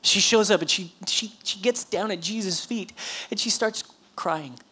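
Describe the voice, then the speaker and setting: A woman preaching a sermon, telling a scripture story in a lively, animated way with questions to the congregation. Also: medium pitch, normal speed, noisy background. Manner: animated storytelling with audience prompts and laughter.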